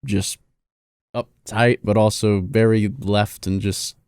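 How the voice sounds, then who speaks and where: A man's voice: lowish voice, little pitch movement, takes it slowly, a little mellow, clean tone, no room sound. A man who is a guest on a podcast, chatting casually in a studio in an easygoing way. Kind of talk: casual chat.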